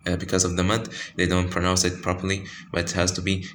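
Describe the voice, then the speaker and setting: Tajweed teacher, man, very low voice, halting delivery full of fillers, faint room hum. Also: completely flat delivery, fairly bright tone. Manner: halting, many fillers and self-corrections. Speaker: Quran recitation teacher. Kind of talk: informal tajweed lesson with screen pointing.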